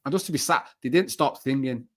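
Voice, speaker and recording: A man's voice: medium pitch, quick pace. Chatty Mancunian man, rambling and candid. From Manchester, England. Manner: chatty, rambling, frequent fillers and restarts. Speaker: podcast guest, football fan content creator. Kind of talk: casual chat.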